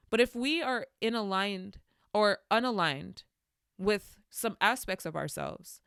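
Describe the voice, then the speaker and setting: Smooth-voiced woman hosting a podcast. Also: medium pitch, dry recording, studio quality. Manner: candid, animated storytelling with spiritual musings. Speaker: podcast host. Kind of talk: reflective solo podcast monologue.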